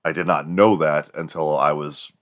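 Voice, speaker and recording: Low-pitched man, from the United States, casual comedic rant, rambling and profane. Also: steady tone, moderate pace, a bit bright. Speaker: podcast host.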